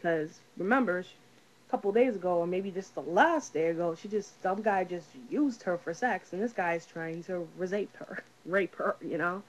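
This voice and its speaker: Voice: medium pitch, normal speed, rough recording. A casual movie reviewer talking through a film's plot in a rambling, profane way, full of fillers.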